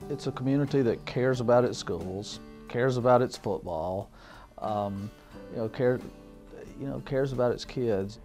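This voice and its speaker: A man's voice: mid-range voice, a little slow, darkish tone, faint music behind. A man speaking as a school district leader in a documentary interview, reflective and searching.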